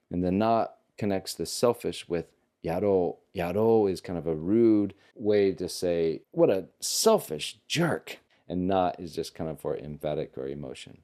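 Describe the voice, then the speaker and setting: Casting: male language tutor, lowish voice, chatty and animated, breaks down manga lines. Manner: chatty, with fillers and restarts. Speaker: Japanese teacher. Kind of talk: explaining manga dialogue in a language lesson.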